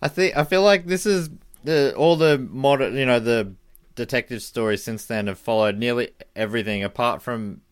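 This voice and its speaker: A man's voice: mid-range voice, normal speed, clear, resonant tone. A man co-hosting a podcast, chatting casually and making wry comments. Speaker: podcast co-host.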